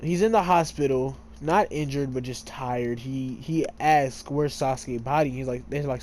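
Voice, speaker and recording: A man's voice: medium pitch, moderate pace, hardly any pauses, a little mellow, slight background noise. A man casually retelling a story while playing a game, full of fillers, often tripping over names and correcting himself. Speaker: gamer retelling a fan story.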